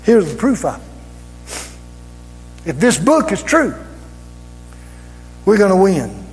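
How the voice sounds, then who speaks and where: A man preaching a sermon fervently, drawing out key words and rising to shouts. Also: high voice, big pitch swings, slow pace. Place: church sanctuary. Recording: reverberant church hall with music.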